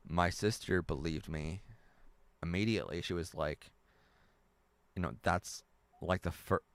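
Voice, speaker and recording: A man's voice: deep voice, clean tone, no room sound. A young adult man from the United States, hosting a casual live stream and chatting with viewers in a rambling way, laughing often. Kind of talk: casual live chat reading viewer comments.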